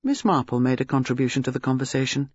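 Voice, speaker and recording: A man reading narration for an audiobook in a measured, expressive manner. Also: medium pitch, husky, no room sound. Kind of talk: scripted narration. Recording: dull lo-fi recording.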